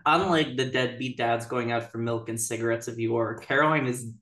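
This co-host's voice sits at an extremely low pitch, a bit bright, moving at a moderate pace as she chats about a TV episode on a podcast. Giggly and chatty, she uses "like" often, and the room echoes noticeably.

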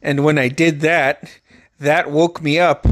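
Young man, animated storyteller, profane, fairly high voice, dry close sound. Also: slow, dry recording. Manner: profane, animated, acts out quotes with loud yelps. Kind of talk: casual storytelling monologue.

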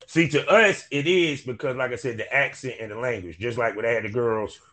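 A man's voice: medium pitch, a little fast, sharp tone. A man in his forties from North Carolina with a Southern country twang, hosting a casual podcast chat in a laid-back, slangy way. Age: 40s. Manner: laid-back, laughs often, loose slangy talk. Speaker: podcast host.

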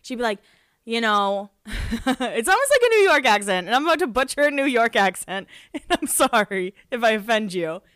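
A woman's voice: on the high side, very animated, brisk, a bit bright, dry recording, studio quality. A woman in her thirties hosting a podcast, chatting casually and recapping a show, with lots of "like" and restarts. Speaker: podcast host.

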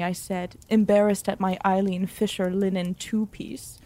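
A woman narrating a comedic mock-romantic story in a deadpan, overwrought romance-novel delivery. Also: mid-range voice, a little slow.

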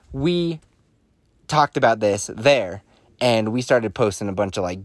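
A man's voice: medium pitch, no room sound. A man telling crude comic stories alone at his mic, laughing often and swearing freely while he is congested from a cold. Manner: profane, laughs often, animated storytelling. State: congested sinuses. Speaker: podcast host. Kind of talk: casual comedic monologue.

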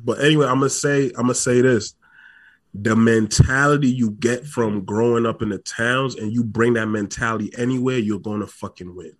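Style: casual podcast chat. Sex: man. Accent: New York. Pitch: middle. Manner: brash, loud, swearing, talks over people. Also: fairly even intonation, normal speed. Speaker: podcast co-host.

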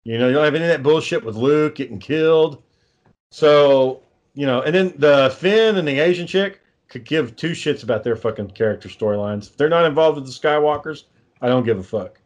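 A man's voice: on the high side, brisk, highs cut off. A man ranting sarcastically and swearing constantly in a casual conversation. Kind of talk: casual profane chat.

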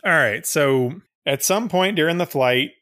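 A man's voice: fairly high pitch, animated, unhurried, fairly bright tone, a little hiss or hum. A man co-hosting a podcast in casual chat, rambling and profane, laughing often. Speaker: podcast co-host.

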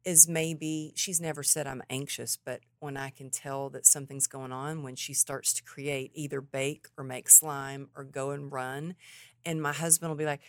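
A woman hosting a podcast, chatting casually and telling animated stories about her family. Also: very deep voice, moderate pace, no room sound. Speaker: podcast host. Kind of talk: casual interview chat.

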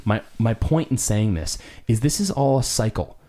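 A man's voice: mid-range voice, lively intonation, mellow. A man in a casual debate, arguing back and cutting in on the other speaker. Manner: argumentative, interjecting, quick laugh.

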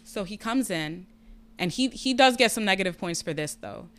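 Woman with a smooth clear voice. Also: mid-range voice, normal speed. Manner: candid, profane, lively retelling. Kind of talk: casual storytelling chat.

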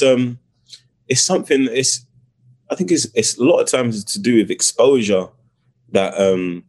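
A British actor speaking as a guest in a casual interview, reflective and searching for words with many restarts. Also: male voice, mid-range voice, a little slow, pauses often, a little mellow. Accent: British English.

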